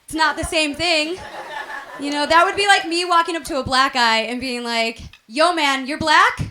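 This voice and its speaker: A woman's voice: high voice, normal speed, pushed and bright, some chatter behind, slight background noise. A young woman from Chicago doing a chatty stand-up comedy set on stage, laughing at her own jokes. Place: stage at a variety show taping.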